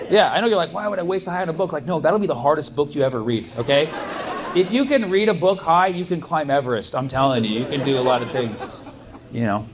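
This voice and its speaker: A young man doing stand-up comedy at a club, talking in a loose, rambling way full of "like" and "you know". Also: mid-range voice. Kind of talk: stand-up comedy with crowd work. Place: comedy club stage before a live audience. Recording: live club recording with crowd noise.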